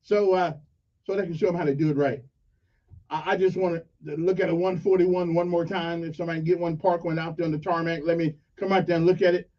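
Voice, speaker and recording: A man's voice: a little high, steady tone, fast, distant mic. A man, hosting a morning call-in radio talk show in a folksy, rambling, emphatic way. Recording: dull lo-fi radio sound, a bit off-mic.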